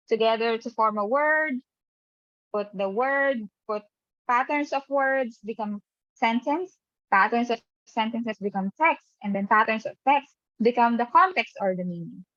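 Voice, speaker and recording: A woman's voice: on the high side, a bit bright, dry recording. A woman teacher running an online lesson who keeps checking in with the class by asking "right?". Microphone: webcam mic on a video call. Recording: dull, dry video-call audio.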